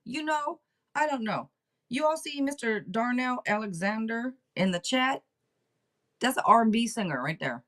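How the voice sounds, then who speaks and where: A woman hosts a relaxed tarot livestream and speaks straight to her viewers. She is frank and teasing, with a mid-pitched voice that moves up and down a lot. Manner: direct and playful, teasing viewers. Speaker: tarot reader and livestream host. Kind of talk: casual livestream tarot reading.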